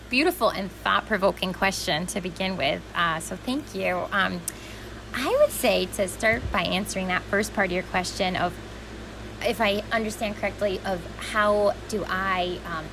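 A young adult woman from Western New York, a podcast guest talking in a gentle, earnest and effusive way. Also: medium pitch, noisy background. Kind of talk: casual chat.

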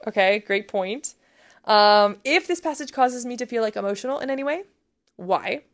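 A woman's voice: on the high side, expressive, moderate pace. A woman co-hosting a casual faith podcast, explaining step by step in an earnest, chatty way full of "like"s. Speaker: podcast co-host teaching prayer practice.

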